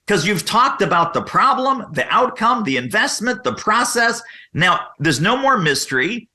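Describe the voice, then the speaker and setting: A man guest on a podcast interview, explaining sales methods energetically and acting out quoted questions in lively voices. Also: high voice, moderate pace.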